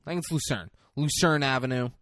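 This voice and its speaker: A young man in his twenties or so hosts a casual podcast, talking in a loose, joking way and swearing often. His voice sits at an ordinary middle pitch for a man. It is recorded close and dry. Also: quick pace, fairly bright tone, no room sound. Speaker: podcast host.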